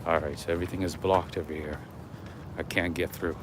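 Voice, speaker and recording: A man's voice: deep voice, steady tone, a little fast. A man hosting an unscripted walking livestream outdoors, talking casually to his viewers as he goes. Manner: chatty, talks to viewers, often whispers. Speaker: livestream walking-tour host. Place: outdoors on city streets near a waterfront. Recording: mobile livestream with clear street noise. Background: street noise and traffic.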